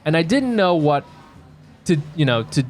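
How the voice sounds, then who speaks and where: A man co-hosting a podcast from a home bedroom, chatting casually and telling a story with lively, acted-out bits. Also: on the high side, moderate pace, faint music behind. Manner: animated storyteller who acts out his own yelling. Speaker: podcast co-host. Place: home bedroom used as a quiet room.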